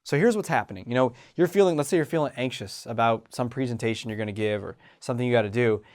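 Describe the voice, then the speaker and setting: Animated male self-help host. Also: medium pitch, quick pace. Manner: animated, acts out inner voices, frequent restarts. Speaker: host and confidence coach. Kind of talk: motivational self-help talk.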